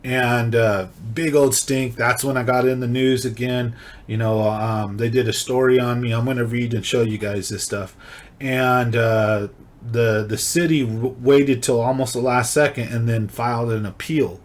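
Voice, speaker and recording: A man from California hosting a video, casually and excitedly retelling his own story. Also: mid-range voice, normal speed. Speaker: video host.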